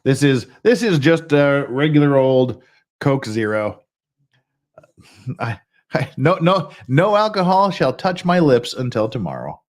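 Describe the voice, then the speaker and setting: Very animated yet unhurried, this mid-range-voiced streamer rambles to his chat in a self-deprecating way, laughing often, restarting sentences and swearing mildly.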